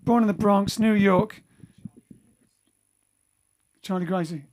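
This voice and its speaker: A man with a high voice hosts his band's livestream from home during lockdown, serving as bandleader and singer. Between songs he chats and rambles casually, correcting himself as he goes, at a slow pace with a slightly mellow tone while soft music plays in the background.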